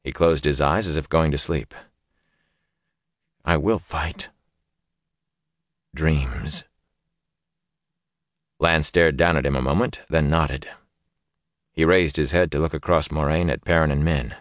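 Deep-voiced male audiobook narrator. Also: steady tone, normal speed, no room sound, clean studio sound. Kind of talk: scripted fantasy narration.

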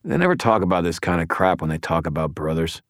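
A man narrating a first-person audiobook in a measured, dry storytelling manner. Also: low voice, sing-song, dry recording.

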